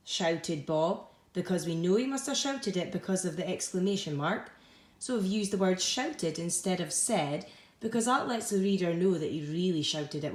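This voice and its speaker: A young woman teacher with a Scottish accent, giving a recorded home-learning lesson to young pupils in a bright, encouraging way. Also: fairly low pitch. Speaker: primary school teacher.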